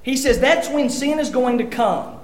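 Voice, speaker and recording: A man's voice: very high voice, animated, unhurried. A man preaching a sermon, earnest and conversational, often restarting his sentences as he reads scripture. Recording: echoey room.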